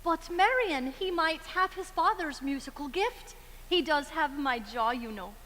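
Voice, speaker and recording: A woman's voice: high-pitched, expressive, measured pace, a bit bright. A woman playing a talkative middle-aged Irish widowed mother in a stage musical, with a lilting Irish brogue. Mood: pleading. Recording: stage with long hall reverb.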